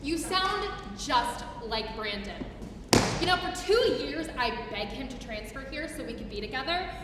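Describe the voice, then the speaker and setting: High-voiced young woman singing in an echoey hall. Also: moderate pace, heavy background noise. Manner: theatrical, expressive stage delivery. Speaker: student recital performer. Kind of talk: recital singing with piano and an acted monologue. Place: recital hall. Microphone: distant room mic. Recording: echoey hall recorded from far off with piano. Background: piano accompaniment.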